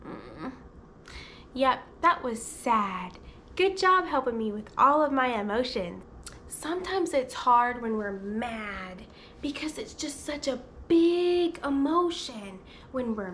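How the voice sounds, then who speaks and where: A woman's voice: fairly high pitch, sharp tone, slight background noise. A woman who hosts videos as a speech therapist, teaching toddlers in an exaggerated sing-song voice with lots of gasps.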